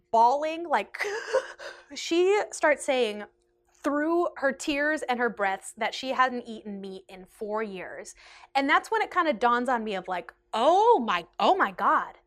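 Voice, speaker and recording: A young woman telling a restaurant story in a chatty storytime vlog, animated and peppered with "like". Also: fairly high pitch, takes it slowly. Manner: chatty and animated, heavy use of like. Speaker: vlogger. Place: indoors, seated in a rotating chair.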